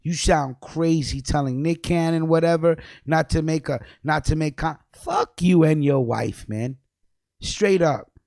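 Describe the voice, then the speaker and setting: A man ranting angrily on a livestream, cursing a lot, repeating himself, and jumping between low mutters and loud outbursts. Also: unhurried, vocal fry, no room sound, clean studio sound. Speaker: livestream host. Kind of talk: profane ranting commentary.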